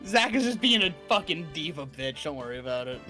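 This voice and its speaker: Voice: medium pitch, big pitch swings, brisk, bright, forceful tone, soft background music. A cast member on a live stream, teasing and joking with friends in casual chat.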